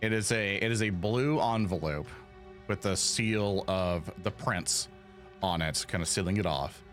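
Slow, low-voiced male game master. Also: a bit bright, faint music behind. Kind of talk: narrating a tabletop game.

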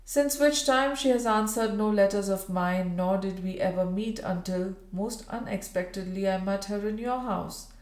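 Brief: woman voicing a grave Victorian gentleman, formal, measured, echoey room. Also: mid-range voice, natural voice. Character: grieving proud Victorian gentleman, solemn. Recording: roomy echo.

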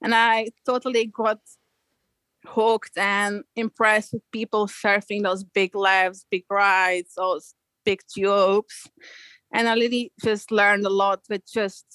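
A guest surfer, a young woman from Belgium, speaks slowly in a medium pitch while recounting a surfing story casually. She's animated, laughs often, and acts out quotes. The recording is dry and low quality.

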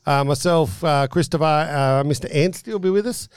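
A man's voice: on the high side, moderate pace, smooth, no echo, clean studio sound. A man hosting a casual podcast chat, rambling through announcements with many fillers. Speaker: podcast host.

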